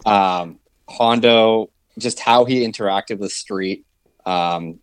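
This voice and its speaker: Young man, measured podcast guest. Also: lowish voice, clean tone, dry recording. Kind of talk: casual chat.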